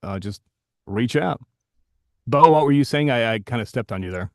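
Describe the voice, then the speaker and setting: A man's voice: medium pitch, lively intonation, normal speed, a little mellow, dry recording, clean studio sound. A man hosting a live stream, telling rambling anecdotes full of restarts and self-deprecating asides. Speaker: host. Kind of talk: casual storytelling on a live stream.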